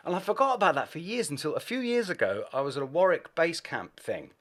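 A middle-aged English man, a bass player, telling animated anecdotes in a casual interview and laughing between phrases. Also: fast talker. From England.

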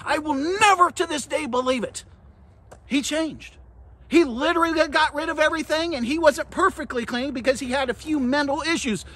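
A man delivers a devotional sermon for a podcast, speaking straight to his listeners as friends and guys. His preaching is impassioned and earnest. He drops to quiet, low stretches, then rises to loud, emphatic declarations. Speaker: pastor and podcast host.

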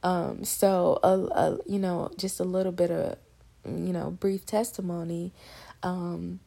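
Young woman with a low gravelly voice, chatty faith talk, kinda teary. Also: flat delivery, takes it slowly, dark tone. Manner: emotional, on the verge of tears; conversational, addresses listeners as y'all. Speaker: podcast host sharing faith testimony. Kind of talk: casual devotional talk.

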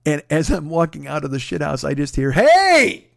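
Male comic, slightly high voice, dry close sound, swears nonstop and rants at his own story. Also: flat delivery, a little fast, vocal fry, a little mellow, no room sound. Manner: exasperated, swears constantly, rants with rhetorical questions. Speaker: comedian and show host. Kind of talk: profane comic storytelling monologue.

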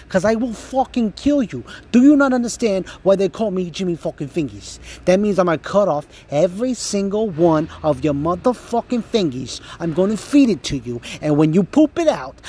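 A man's voice: high voice, a little mellow. A man voicing a foul-mouthed, hot-tempered mob boss who rants profanely in a comedic monologue. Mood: furious. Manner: profane, ranting, threatening.

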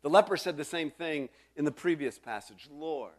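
A man's voice: fairly high pitch, expressive, fairly quick. A middle-aged male pastor preaching a sermon in a conversational way, full of restarts and asides to the congregation.

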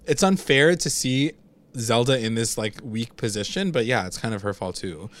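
A man's voice: mid-range voice, expressive, moderate pace, fairly bright tone. A man co-hosting a casual TV recap chat, heavy on fillers and swearing, acting out characters' lines. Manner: profane, filler-heavy, acts out quotes.

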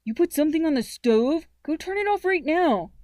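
A woman's voice: a little high, expressive, moderate pace, darkish tone, no room sound, clean studio sound. A woman voicing an easygoing, teasing teenage boy in a storybook reading. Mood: casual.

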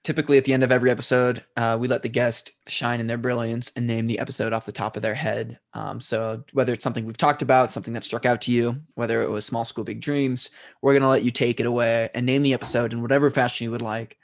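A man's voice: mid-range voice, little pitch movement, fast talker, creaky. Guy hosting a running podcast, dry humor, regular voice. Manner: wry, dry joking. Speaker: podcast host. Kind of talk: casual podcast chat.

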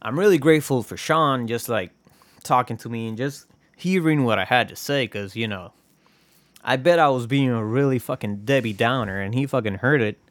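A man's voice: medium pitch, normal speed, a bit bright, dry recording. A man hosting his own podcast, talking in a rambling, casual way with lots of swearing and jokey asides. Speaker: podcast host. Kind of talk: casual solo podcast monologue.

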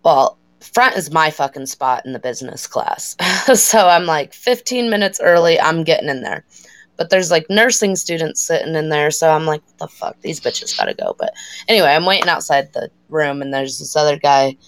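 A woman's voice: deep voice, normal speed, no room sound. A woman in her thirties casually chatting as a podcast co-host, swearing freely while telling stories. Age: 30s. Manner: profane, storytelling with laughs. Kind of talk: casual chat.

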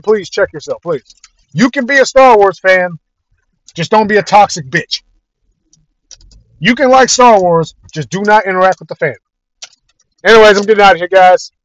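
A man's voice: high-pitched, normal speed, pauses often, fairly bright tone, no room sound. A young man delivering an exasperated, profanity-heavy casual rant about a fandom, repeating himself as he goes. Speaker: podcast ranter. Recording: dry, dull lo-fi audio.

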